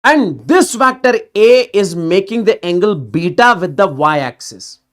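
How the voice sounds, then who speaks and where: Animated male physics teacher. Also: high voice, unhurried. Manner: animated, repeats words in bursts, checks in with students often. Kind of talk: live online exam-prep lecture.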